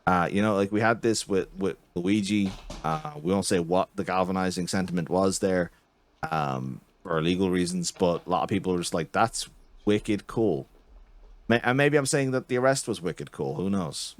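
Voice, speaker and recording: A man with a lowish voice holds forth as a podcast host, heated and profane, building into rants as he talks. The sound is dry and close, with no room around it. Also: normal speed, no room sound. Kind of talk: casual political chat.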